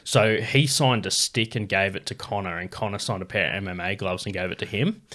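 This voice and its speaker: A young man hosts a podcast, talking casually in a fairly low voice at a slightly quick clip. He tells rambling, animated stories and swears a lot along the way.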